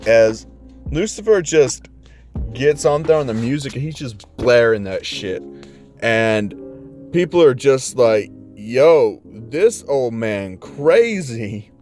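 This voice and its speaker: A young man spins a fan story in a loose, slangy way, swearing freely and tossing in quick voiced asides. His voice sits at an ordinary middle pitch. Faint music plays underneath. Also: animated, darkish tone. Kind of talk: casual spoken fan story.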